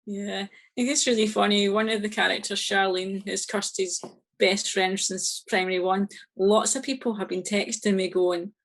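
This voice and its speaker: A Scottish-accented woman, an author appearing as a podcast guest, tells a story in a mid-range voice at a moderate pace. The chat is casual and lively, full of laughter and acted-out quoted exchanges.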